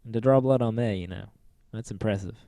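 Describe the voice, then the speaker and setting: A man co-hosting a podcast in casual chat, relaxed, laughing along and mock-quoting people. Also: fairly low pitch, a little fast, dry recording. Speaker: podcast co-host.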